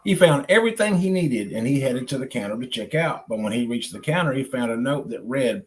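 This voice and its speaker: A man's voice: mid-range voice, animated, fairly quick, hardly any pauses, low-quality recording. A man reading a children's story aloud in a casual, chatty way, breaking off to talk to people nearby. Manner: chatty, digresses to talk to others.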